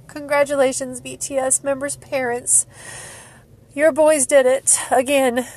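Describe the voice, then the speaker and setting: A woman's voice: high voice, steady tone, takes it slowly, darkish tone. A woman hosting a casual solo podcast, emotional, laughing and crying as she gushes. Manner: emotional, laughing and tearful, gushing. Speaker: podcast host.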